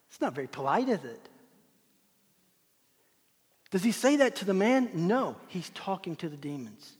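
Pastor, male, high husky voice, dramatic sermon delivery with sudden drops to a whisper, long hall reverb. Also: very animated, normal speed, pauses often. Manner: dramatic, swings from loud proclamation to hushed whispers. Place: church sanctuary.

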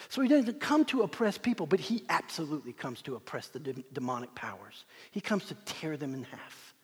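A man preaching a sermon as pastor, swinging from loud proclamation to hushed whispers. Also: medium pitch, sing-song, fairly quick, hardly any pauses, slightly rough. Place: church sanctuary. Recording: long hall reverb.

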